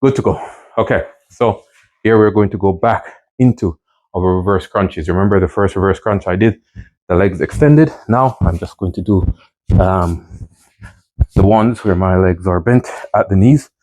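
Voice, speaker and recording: A man's voice: deep voice, normal speed, darkish tone, poor audio. A man coaching a home workout while doing it, counting reps aloud and checking in with "right?" and "okay?", his voice strained from exercising. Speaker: fitness instructor.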